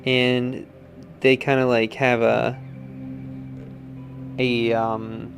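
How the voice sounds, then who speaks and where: A man's voice: medium pitch, little pitch movement, extremely slow, gravelly, faint music behind. A man who makes pottery, chatting in a rambling, joking way with lots of fillers. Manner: rambling, filler-heavy, jokey. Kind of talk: casual interview chat.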